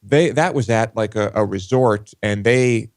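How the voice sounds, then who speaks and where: A man's voice: fairly low pitch, measured pace, no echo, clean studio sound. A man co-hosting a talk show, chatting casually and hesitantly with many filler sounds. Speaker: co-host. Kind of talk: casual chat.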